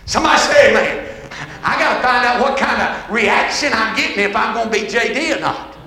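An older preacher delivers a folksy revival sermon in a high, bright voice, shouting and pulling amens out of the congregation. The church room around him rings with echo. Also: male voice, brisk. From American mountain South. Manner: folksy, shouting, call-and-response. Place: church sanctuary.

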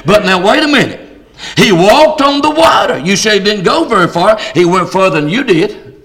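An older man preaching a revival sermon and leading prayer, fervent and folksy, shouting out his key points. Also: high voice, very animated, moderate pace, poor audio.

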